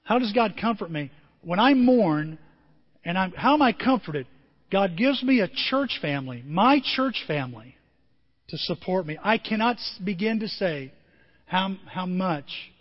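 A man pastor preaching a sermon with emotion, his voice moving from quiet and tender to loud and emphatic. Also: high voice, expressive, measured pace, in a large hall, highs cut off. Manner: emotional, swings from soft to emphatic.

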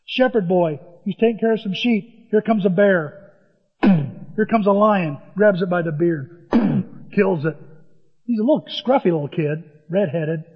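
A man's voice: sits high, unhurried, slightly rough. Male preacher, storytelling sermon delivery; dull, lo-fi sound. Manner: storytelling, conversational, acts out scenes. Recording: long hall reverb, dull lo-fi.

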